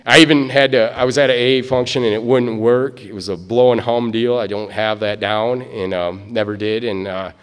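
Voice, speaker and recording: A man's voice: fairly low pitch, steady tone, normal speed, few pauses, clear, resonant tone. A man from Michigan tells his recovery story at a meeting, rambling with lots of "you know" and "um". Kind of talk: personal testimony storytelling. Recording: echoey hall.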